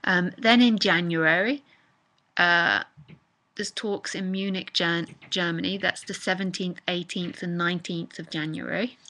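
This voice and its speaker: A woman's voice: fairly low pitch, steady tone, a little slow, bright, forceful tone, low-quality recording. A woman giving a live spiritual talk in a casual, chatty manner that circles back and repeats itself. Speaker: spiritual teacher.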